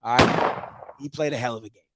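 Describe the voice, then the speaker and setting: A man hosting a casual sports show, talking in an animated, slangy way and dropping into low mutters between bursts of hype. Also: a little fast, very noisy.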